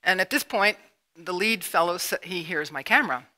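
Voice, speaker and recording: A middle-aged woman from Canada giving a public lecture, emotional and halting with sudden emphatic bursts. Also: fairly low pitch, bright, forceful tone. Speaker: public speaker. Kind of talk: lecture presentation with slides. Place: university lecture room.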